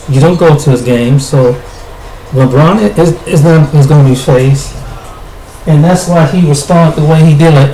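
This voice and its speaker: A man from the United States delivers a blunt spoken commentary in a mellow, somewhat high voice. He restarts and repeats words often as he talks. The recording is roomy and echoey, with a faint noise underneath. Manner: blunt, repetitive, with frequent restarts. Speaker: video commentator.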